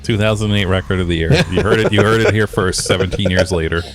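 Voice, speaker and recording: A man's voice: low voice, steady tone, fast. A man co-hosting a music podcast in casual chat, laid-back and full of "uh"s, with the odd swear word. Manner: laid-back, filler-heavy, profane. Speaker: podcast co-host.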